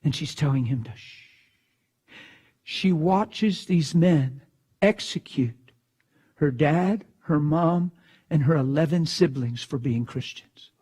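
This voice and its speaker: A man preaching, telling a story in a hushed voice and then breaking into shouted bursts. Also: on the high side, slow pace, long pauses, slightly rough. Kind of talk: sermon storytelling.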